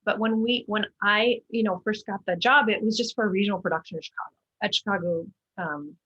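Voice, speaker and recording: A woman's voice: medium pitch, a little fast, bright, forceful tone, slightly rough. Chatty woman with a slightly dull sound. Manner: chatty, many fillers and restarts. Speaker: guest, musical theater actor. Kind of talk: casual interview chat.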